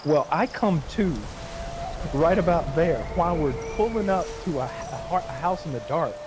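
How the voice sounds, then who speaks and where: A man's voice: fairly high pitch, animated, moderate pace, over music. A man telling a story in casual chat, rambling, repeating words and laughing between lines. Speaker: streamer telling a story to co-hosts.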